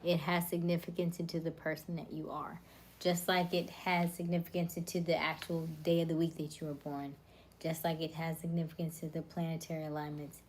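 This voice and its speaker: A woman's voice: deep voice, little pitch movement, fairly quick, a little hiss or hum. A woman hosting a casual livestream, reading viewers' comments and rattling off personality traits in short, upbeat lists. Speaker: livestream host.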